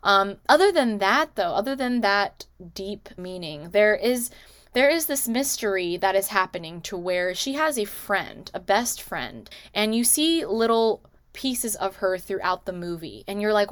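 A woman with a medium-pitched, animated voice chats through a casual movie recap on her recommendation vlog, sprinkling in plenty of "like" and "you know." She acts out characters' lines in quick quotes, and the recording is dry.

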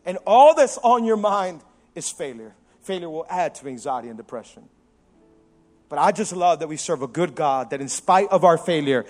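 A male pastor preaching a sermon with lots of energy, moving between loud emphasis and quiet intensity and acting out the quotes in his own voice. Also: fairly high pitch, animated, moderate pace, faint music behind. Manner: acts out quotes of biblical figures with his own voice.

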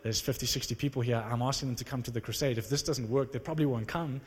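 A man preaching to a live audience, telling a story in an animated, conversational, self-mocking way. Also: medium pitch, fast, slightly rough. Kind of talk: sermon storytelling. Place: large hall with live audience. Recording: long reverb of a large hall.

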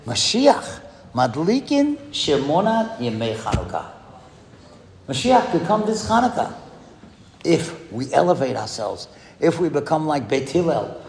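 A man giving an animated sermon with storytelling, asking the audience rhetorical questions. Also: slight background noise. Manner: animated, rhetorical questions, swings pitch widely for emphasis. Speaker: rabbi speaking to a school audience. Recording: echoey hall, heard from a distance.

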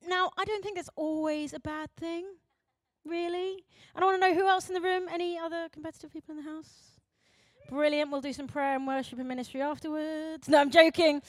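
Animated high-voiced woman preaching. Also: a little fast, dry recording, studio quality. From Britain. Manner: animated and chatty, acting out quotes, laughing at herself. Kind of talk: sermon.

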